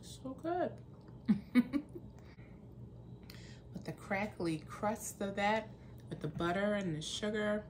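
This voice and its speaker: A woman's voice: medium pitch, background noise. A young woman hosting a casual cooking vlog, chatty and laughing often as she talks to her viewers. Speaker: cooking vlogger.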